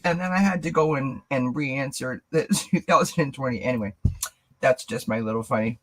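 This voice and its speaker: A woman's voice: extremely low pitch, normal speed, low-quality recording. Tarot lady chatting on her live stream, says hi to everyone in chat, laughs a lot. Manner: chatty, greets viewers by name, laughs often. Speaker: tarot reader and channel host.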